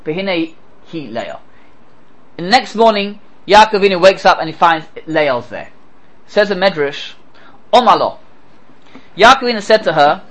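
This man teaches a scripture class in a high, very animated voice at normal speed, leaving long pauses. As a Torah teacher, he poses rhetorical questions and recites Hebrew verses before giving their translations. The audio is poor quality.

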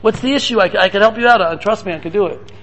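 A man quoting a gentle older rabbi who coaxes a student with earnest questions. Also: high-pitched, racing, slight background noise. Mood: coaxing. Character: gentle older male rabbi, curious and persistent.

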